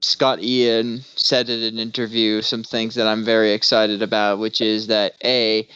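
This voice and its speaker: A man's voice: on the low side, level tone, unhurried, pushed and bright, clear, resonant tone, no room sound. A man co-hosting a podcast, talking in a chatty, enthusiastic way during casual chat. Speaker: podcast co-host. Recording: dull lo-fi sound, dry.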